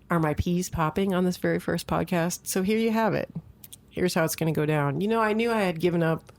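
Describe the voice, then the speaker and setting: A woman in her forties from the Midwest hosting a casual comedic podcast from her home office, rambling and self-deprecating in a deadpan way. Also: lowish voice, a little fast, gravelly. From American Midwest. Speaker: podcast host. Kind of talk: casual solo comedic monologue.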